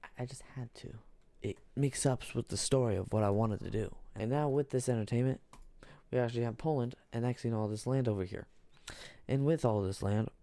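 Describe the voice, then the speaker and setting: A man's voice: mid-range voice, vocal fry, warm tone. A man casually narrating an alternate history on a map, repeating himself and restarting sentences. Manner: repetitive, restarts, halting.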